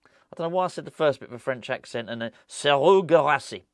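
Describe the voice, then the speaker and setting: A rambling, jokey man talks casually to his camera about football from a room at home. His pitch sits in a middling range, and the sound is dry and close with almost no room echo. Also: expressive, quick pace. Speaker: football fan vlogger.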